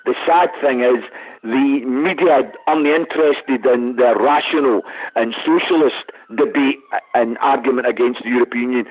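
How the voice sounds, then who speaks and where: A man's voice: mid-range voice, slightly rough. A Scottish man arguing politics with passion and emphasis as a radio guest, speaking over the phone. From Scotland. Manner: impassioned, emphatic, calls host mate. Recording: tinny phone line.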